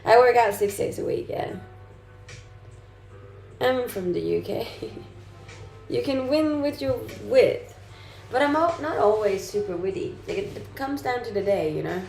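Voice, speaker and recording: Gravelly-voiced woman streamer chatting casually. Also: a little high, expressive, a little slow, pauses often, a little mellow. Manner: chatty, reads chat aloud and answers with easy laughter. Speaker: live streamer. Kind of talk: casual live-stream chat. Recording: roomy sound with faint music behind.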